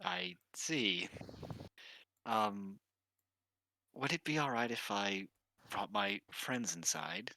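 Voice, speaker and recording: A man voicing a hesitant young man who speaks softly and haltingly to his father. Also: on the low side, animated, gravelly, a little hiss or hum, heavily acted. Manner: hesitant, soft-spoken.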